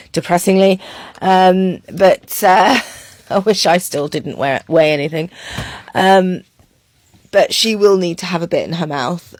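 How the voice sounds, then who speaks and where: Gravelly, low-voiced woman. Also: no echo. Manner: relaxed and chatty, with many ums. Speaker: horse trainer. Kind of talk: casual voice-over commentary on training footage.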